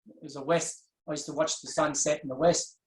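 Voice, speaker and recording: A man telling his personal story as an interview guest, earnest and reflective, pausing and restarting as he goes. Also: on the high side, fairly even intonation. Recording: echoey room.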